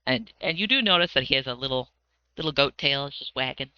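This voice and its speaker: A man runs a tabletop game, narrating loosely and playfully with lots of fillers. His voice is very bright, clear and a little high. The sound is dry and slightly dull, as on lo-fi audio. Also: lively intonation, a little fast, dry recording. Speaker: dungeon master.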